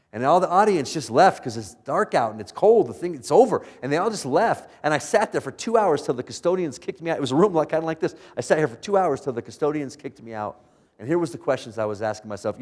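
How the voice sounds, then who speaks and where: A man speaking as a guest lecturer to college students in a lecture room, animated, firing rhetorical questions at the audience and chuckling often. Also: medium pitch, fast. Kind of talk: motivational lecture.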